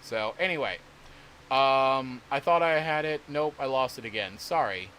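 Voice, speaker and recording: A man's voice: on the high side, fairly bright tone, a little hiss or hum. A man streaming casually about crypto, rambling and swearing in exasperation. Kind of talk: casual livestream talk.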